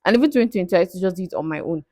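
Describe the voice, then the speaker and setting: A young woman with a fairly low voice, chatting through a Q&A vlog. She is candid and playful and laughs often. The sound is dry and close. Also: expressive, very fast, darkish tone, dry recording. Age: 20s. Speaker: vlogger answering viewer questions. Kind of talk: casual Q&A vlog.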